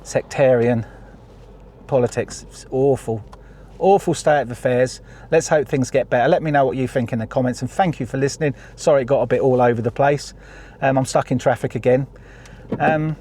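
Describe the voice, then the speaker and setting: A man's voice: mid-range voice, brisk, warm tone. A man giving a heated, sweary political rant for his vlog while sitting in his car in traffic. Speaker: vlogger.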